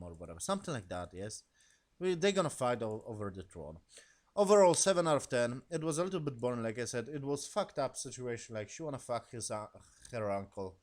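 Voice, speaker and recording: A man giving a casual spoken review of a TV episode in non-native English, rambling and profane, animated as he retells scenes. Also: medium pitch, fairly quick.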